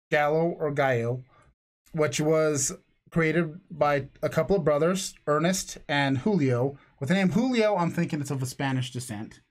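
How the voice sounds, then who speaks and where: Rambling, jokey male podcast host. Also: a little high. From lived in Florida. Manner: rambling, jokey, laughs often. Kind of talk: casual chat.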